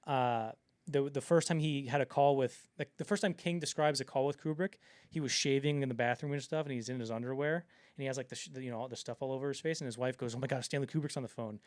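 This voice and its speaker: A man's voice: medium pitch, fast, darkish tone, no echo, clean studio sound. A man co-hosting a film podcast in casual chat, rambling with lots of fillers and acting out the quotes he retells. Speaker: podcast co-host.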